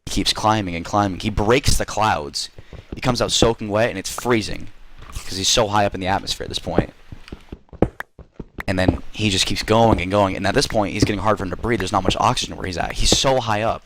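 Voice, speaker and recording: Man telling a rambling tall tale to gaming friends; lower voice, noisy voice chat. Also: fairly quick. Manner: rambling, full of fillers and swearing. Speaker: gamer telling a story. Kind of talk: casual story-telling in voice chat.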